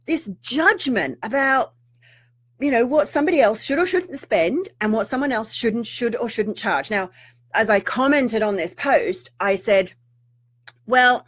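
A middle-aged woman, a spiritual teacher talking to viewers in an animated, ranting way with mock-outraged asides. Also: high voice, normal speed. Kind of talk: live-streamed rant to viewers.

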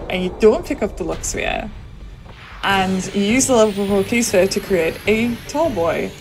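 Sick woman, relaxed live speedrun chat, steady middle pitch, music bed. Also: rough recording. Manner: chatty, laughs often, thinks aloud with many ums. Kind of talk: live commentary on her own speedrun. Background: game music.

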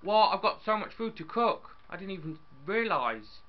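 A young man chatting casually as he plays a building game, excitable and talking to his viewers and his in-game dog. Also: sits high, normal speed, hardly any pauses, muffled recording. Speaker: gaming YouTuber.

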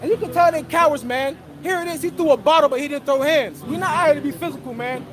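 A man's voice: very high-pitched, fast. A man preaching on a street corner, fiery and profane, tagging his lines with "man" and "bro". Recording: street recording with crowd noise. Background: crowd and passing traffic.

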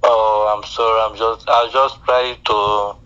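A man's voice: fairly low pitch, flat delivery, a little slow, pushed and bright, smooth. Pleading man on a muffled phone line. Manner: pleading, keeps asking her to hold on. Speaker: scam caller.

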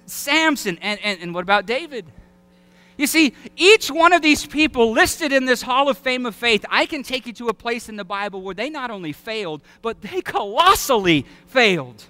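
A male preacher with a Southern accent delivers an animated sermon, often slipping into acted-out voices. His voice sits high and is strikingly bright and smooth. The sound is close and dry. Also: moderate pace, no room sound. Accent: Southern American. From Alabama. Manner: animated, acts out quoted voices and shouts. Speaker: pastor. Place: church sanctuary.

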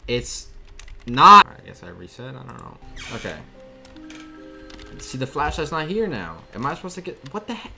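A man's voice: mid-range voice, very animated, a little fast, creaky, pauses often. Jokey young man playing a horror game. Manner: jokey, talks back to game characters. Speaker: gaming channel host. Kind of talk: casual let's-play commentary. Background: game music.

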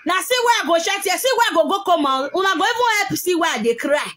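Nigerian woman, high voice, heated live-video rant. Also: lively intonation, quick pace, a crowd in the background. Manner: heated, scolding, mixing pidgin and local language.

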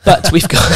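A man's voice: sits high, creaky. A man hosting a casual podcast chat, jokey and chatty as he steers the conversation. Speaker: podcast host.

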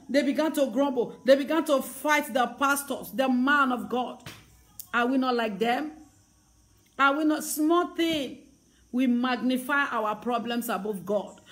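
A woman evangelist, preaching a sermon full of emphatic, repeated rhetorical questions. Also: high-pitched.

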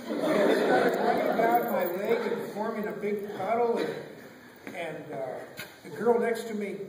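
A man from California, a guest speaker telling stories to a class, acting out voices and mixing in Spanish phrases. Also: high voice. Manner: animated, acts out voices, mixes in Spanish phrases. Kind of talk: storytelling to a class. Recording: echoey classroom from far off, noisy.

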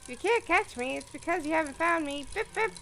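A cheerful little toy creature from a video game, as a woman puts him on, chirping bouncy nonsense sounds. The voice sits high and sing-song over a steady hiss of background noise. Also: a little fast, exaggerated voice. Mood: playful.

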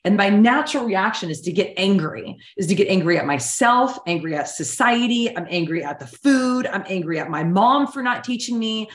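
A woman's voice: mid-range voice, expressive, moderate pace, hardly any pauses. Chatty woman coach, echoey room. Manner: conversational, many fillers, emotionally open. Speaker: hypnotherapy coach. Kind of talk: casual personal storytelling lesson.

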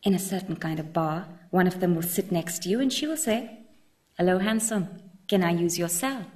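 A woman reading aloud as a chatty, leering male bar patron, lecturing vigorously and swinging his pitch up and down as he boasts. He peppers his talk with local slang, and the reading stays lively throughout. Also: moderate pace, close to an everyday voice. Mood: boastful. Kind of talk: reading a book passage aloud.

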